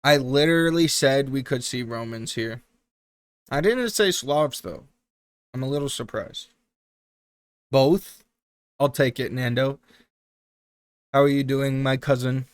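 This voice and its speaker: A man casting a strategy game tournament live on stream, chatty and joking with quick asides. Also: medium pitch, clean tone, no room sound.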